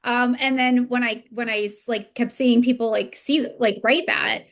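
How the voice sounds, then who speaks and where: Woman podcast host, rambling and enthusiastic, fairly high and gravelly voice. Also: steady tone, unhurried. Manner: rambling, filler-heavy, enthusiastic. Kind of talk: casual podcast conversation.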